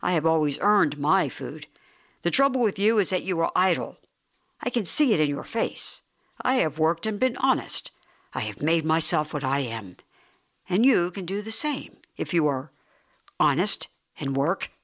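Brief: reader putting on a smug, prosperous bully of a homeowner, gruff and lecturing, mid-pitched storybook voice. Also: big pitch swings, normal speed, a bit bright. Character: prosperous, self-righteous man, bullying homeowner.

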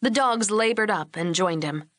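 A woman reading a novel aloud as narrator, measured and clear. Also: medium pitch, fairly bright tone, no echo, studio quality. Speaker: audiobook narrator. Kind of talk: scripted narration.

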